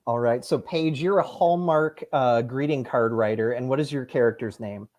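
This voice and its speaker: Guy running an improv quiz show, upbeat announcer energy, mid-pitched voice. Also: normal speed, darkish tone. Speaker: game show host. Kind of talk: improv game show hosting.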